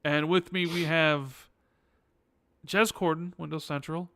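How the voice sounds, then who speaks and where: A man's voice: fairly high pitch, steady tone, takes it slowly, sharp tone. A man hosting a podcast in casual, joking chat, often sarcastic and restarting his sentences. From United States. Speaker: podcast host.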